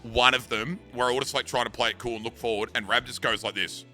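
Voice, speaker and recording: Bright-voiced Australian bloke telling a story. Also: male voice, mid-range voice, steady tone, quick pace, soft background music. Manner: rambling, sweary, laughing anecdote with slang like bro and dude. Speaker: streamer. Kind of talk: casual storytelling.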